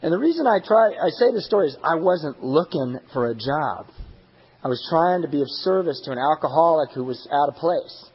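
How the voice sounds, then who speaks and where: A man's voice: on the high side, animated, normal speed, husky, highs cut off. A young man speaking candidly and with self-deprecating humor as the speaker at a recovery meeting. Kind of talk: personal recovery talk. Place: meeting hall.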